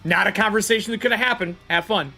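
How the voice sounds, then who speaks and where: A man's voice: high voice, fast, pushed and bright, soft background music. A man running a live tabletop game as game master, teasing and sarcastic with his players.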